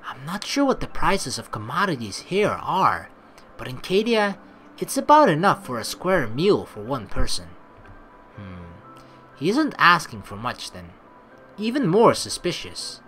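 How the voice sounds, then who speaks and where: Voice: medium pitch, wildly swooping pitch, a little slow, a bit bright, soft background music. A performer reading a visual novel aloud, voicing a stern, suspicious young woman traveler in a dry, skeptical, blunt manner.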